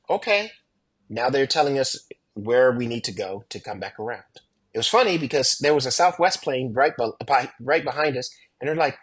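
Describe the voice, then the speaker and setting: Husky-voiced pilot telling stories animatedly. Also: male voice, normal speed, dry recording. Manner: animated, acts out quoted people with shifting pitch. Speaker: airline pilot, podcast guest. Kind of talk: casual storytelling in a podcast interview.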